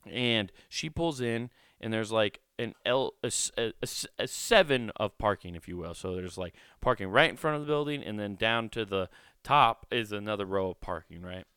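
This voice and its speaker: A man's voice: on the low side, moderate pace, pushed and bright, smooth, dry recording, clean studio sound. A man hosting his own podcast in a rambling, profane way, often restarting his sentences as he talks from a small recording room. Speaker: podcast host. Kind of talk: casual solo podcast monologue.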